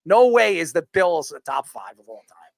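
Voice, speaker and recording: A man co-hosting a casual sports debate show, blunt and argumentative, with a gravelly voice. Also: fairly high pitch, big pitch swings, normal speed, dry recording. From New York. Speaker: podcast co-host.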